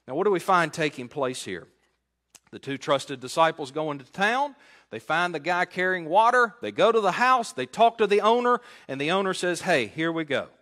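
Lively high-voiced pastor preaching. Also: male voice. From United States. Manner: animated, conversational, asks the congregation questions. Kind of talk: expository sermon.

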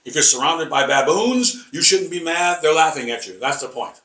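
A man teaching a rambling Bible lesson, halting and repeating words with many fillers, emphatic and combative. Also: a little high, lively intonation, pushed and bright. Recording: echoey room, voice from far off.

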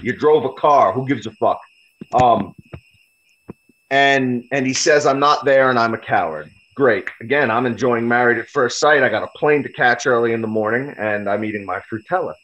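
A man's voice: mid-range voice, normal speed, fairly bright tone. A man in his ordinary middle register tells his side of a story as a podcast guest, casual and blunt and swearing freely. The recording is a little dull and lo-fi. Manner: blunt and heavily profane. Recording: slightly dull lo-fi audio.

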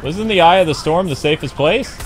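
A man's voice: a little high, a little fast, slight background noise. A man commenting on his own gameplay with wry, joking asides. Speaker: gaming commentator. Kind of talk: let's-play commentary. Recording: faint game music behind.

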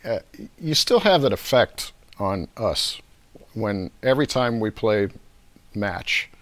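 A man's voice: on the low side, big pitch swings, slow, dry recording. A man chatting casually with a bandmate over a video call, jumping in enthusiastically. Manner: enthusiastic, interjecting. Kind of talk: casual chat.

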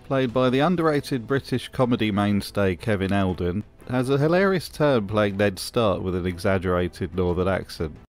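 Male comedic review host: sardonic, mocking, lowish voice. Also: moderate pace, few pauses.

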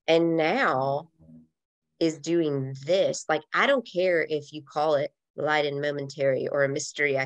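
A woman with a notably low, deep speaking voice shares a painful personal story as a podcast guest. She talks candidly and emotionally, in a loose conversational way, filling her sentences with "like.". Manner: candid, emotional, many fillers like "like".

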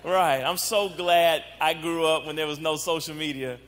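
A man's voice: fairly high pitch, fairly even intonation, normal speed, fairly bright tone. A man preaching a casual, joking sermon on dating to a congregation, asking them questions. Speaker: guest preacher. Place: church sanctuary. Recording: long hall reverb.

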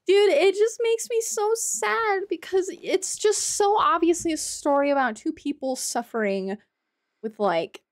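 A woman's voice: very high-pitched, measured pace. A young woman streaming a game, reacting with emotion and rambling with many fillers. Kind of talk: live game commentary.

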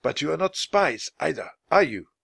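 Brief: kind, gently amused older man, voiced by the narrator, calm and soft. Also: fairly high pitch, moderate pace, vocal fry, breathy edge, dry recording, clean studio sound, voice pushed up, heavily acted.

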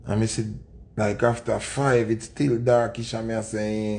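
A man's voice: lowish voice, level tone, a little slow, darkish tone. A man with a Jamaican accent telling a rambling anecdote in a casual way. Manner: rambling patois anecdote with quoted voices. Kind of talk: casual storytelling.

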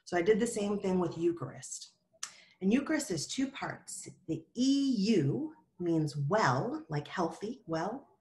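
A woman teaching a Sunday school lesson, telling a Bible story to children and gently asking them questions along the way. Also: on the low side, animated, unhurried.

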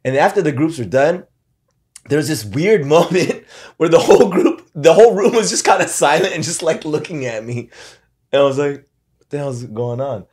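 A man's voice: a little high, lively intonation, moderate pace, a little mellow, husky. A man, a podcast guest telling a loose story full of fillers and swearing. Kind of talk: casual storytelling chat.

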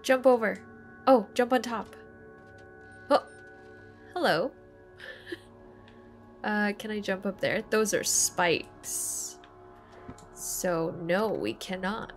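A young woman hosting a let's play, excitable and gasping, cooing over the game's cat. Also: mid-range voice, slow pace, pauses often, soft background music. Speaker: gaming channel host. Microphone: desk condenser microphone.

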